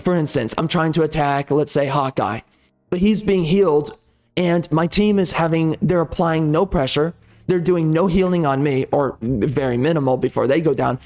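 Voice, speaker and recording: A man with a slightly high voice rants through gameplay commentary in a heated, repetitive way, leaning on casual slang. Faint music plays underneath him. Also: a little mellow.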